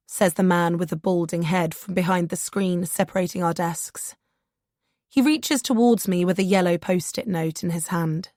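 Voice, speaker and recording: A woman's voice: lowish voice, normal speed, a little mellow, dry recording, studio quality. Woman narrating a first-person audiobook. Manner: nervous, self-deprecating inner voice.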